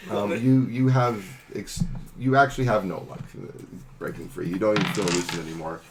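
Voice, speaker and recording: Low-voiced man running a tabletop game. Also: steady tone, moderate pace, background noise. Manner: laid-back, chuckling, bursts into shouted sound effects. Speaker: game master.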